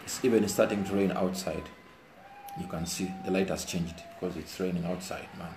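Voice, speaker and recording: A man's voice: low-pitched, steady tone, moderate pace, creaky. A man giving an earnest, preachy monologue, emotional and mixing two languages, speaking indoors. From Uganda. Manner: earnest, preachy, switches between Luganda and English. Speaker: commentator speaking to viewers. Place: indoors, rain outside. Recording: roomy echo, faint background hiss.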